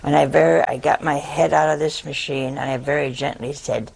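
A woman's voice: deep voice, steady tone, a little fast, vocal fry, darkish tone, rough recording. An older woman, a nun, telling a funny personal story to an audience in a folksy, self-mocking way. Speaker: nun, head of a religious community.

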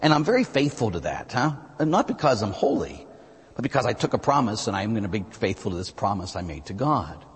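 An American priest preaches with a lively, rising and falling delivery, climbing high on emphatic lines before dropping low and soft. His voice is a little husky, and it rings out with a long reverb in a large hall. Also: fairly quick. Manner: animated, rises high on emphatic phrases then drops low and quiet. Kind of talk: sermon.

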